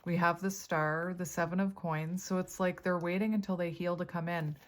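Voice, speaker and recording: A woman with a somewhat low voice gives a casual tarot reading straight to her viewers. She chats freely, thinks out loud and laughs often as she turns the cards. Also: steady tone, moderate pace. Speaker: tarot reader.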